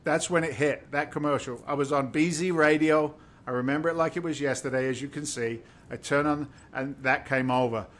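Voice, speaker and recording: A man's voice: fairly high pitch, fairly quick, hardly any pauses, a bit bright. A middle-aged man from the United Kingdom, a guest on a podcast, telling his life story in an emphatic, emotional, preacher-like way. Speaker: guest, real estate investor.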